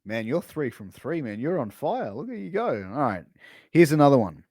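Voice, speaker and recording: A man's voice: mid-range voice, very animated, normal speed, darkish tone, no echo, clean studio sound. A man with an Australian accent hosting a casual podcast interview, joking and laughing as he quizzes his guest. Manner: jokey, laughs often, slips into put-on slang voices. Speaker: podcast host.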